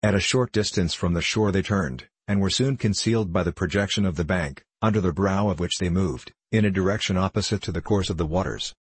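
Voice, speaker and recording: A man narrating a classic novel in a measured, even reading, recorded close to the mic. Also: deep voice, breathy edge, no echo, poor audio. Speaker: audiobook narrator. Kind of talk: scripted narration.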